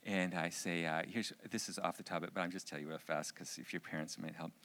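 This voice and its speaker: Forceful middle-aged man telling a story. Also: low voice, fast. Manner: animated storyteller, jokey asides. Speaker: speaker. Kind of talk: personal anecdote in a sermon.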